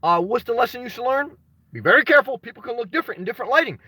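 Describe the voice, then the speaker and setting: Chatty high-voiced man on a livestream. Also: very fast, husky, dry recording. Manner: greets viewers by name, rambling anecdotes, animated shouts. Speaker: vlogger reading live chat. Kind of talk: casual livestream chat.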